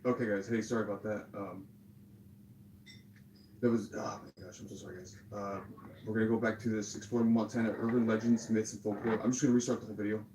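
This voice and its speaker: A man's voice: on the low side, flat delivery, fast, darkish tone, slight background noise. A frustrated man livestreaming, rambling and repeating his apologies in a flustered way. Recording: roomy echo.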